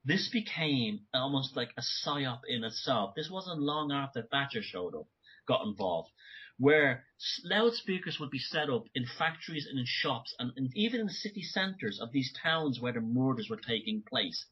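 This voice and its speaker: A man speaking as a guest in an interview, animated and talking in bursts with frequent restarts. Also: mid-range voice, normal speed, breathy edge. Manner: animated, many restarts and asides. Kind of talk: conversational interview. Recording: dull lo-fi audio.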